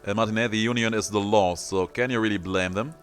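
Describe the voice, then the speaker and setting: A man voicing a gruff, indignant old ex-soldier who blusters and lectures in an old-fashioned way. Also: lowish voice, steady tone, fast, soft background music, lightly acted. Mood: haughty.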